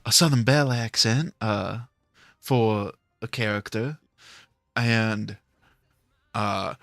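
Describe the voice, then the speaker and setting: A man talking slowly in a relaxed stream chat, pausing and filling gaps with "uh" as he thinks. His voice is bright and close, with a dry sound and no room around it. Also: fairly low pitch, gravelly, dry recording. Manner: hesitant, many filler sounds. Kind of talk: casual chat.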